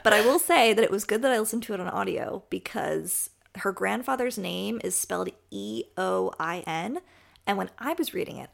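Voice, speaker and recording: A woman's voice: mid-range voice, creaky. A woman co-hosting a podcast, chatting casually about romance books in a chatty, self-deprecating way. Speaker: podcast co-host. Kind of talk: casual book chat.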